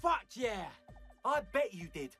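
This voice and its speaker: An excitable young guy, as a man puts him on in a bright, strained falsetto, gushing with hype. The pitch is pushed high, and the voice sounds a little distant with faint music underneath. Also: unhurried, exaggerated voice. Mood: hyped.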